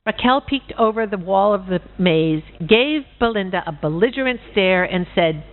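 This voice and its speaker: A woman reads a fable aloud to a conference audience in an expressive storytelling manner. Her pitch moves a lot. The sound is thin and phone-like. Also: normal speed, few pauses. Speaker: conference speaker.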